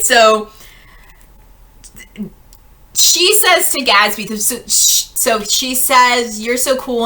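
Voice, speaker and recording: Bright, chatty woman teaching literature. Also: medium pitch. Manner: chatty, animated, acts out quotes with "like". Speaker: teacher leading a book club. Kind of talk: casual literature lesson.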